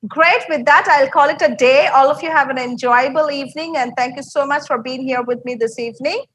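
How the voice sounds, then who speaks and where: A woman's voice: high-pitched, a little fast, fairly bright tone, no room sound, poor audio. A woman with an Indian English accent teaching an online English class, encouraging and explaining step by step with many fillers.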